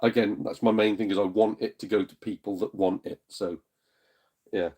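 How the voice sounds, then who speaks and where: A man's voice: lowish voice, level tone, normal speed, mellow. Chatty man on a home live stream. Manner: chatty, blunt, jokey, swears, puts on voices in retold exchanges. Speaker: streamer and gaming channel host. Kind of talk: casual live-stream chat reading viewer comments. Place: at home in a front room.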